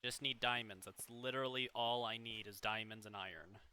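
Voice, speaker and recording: A man's voice: lowish voice, steady tone, fairly quick, bright, forceful tone, smooth. A young man live-streaming a game, chatting casually and joking playfully with his chat and mods.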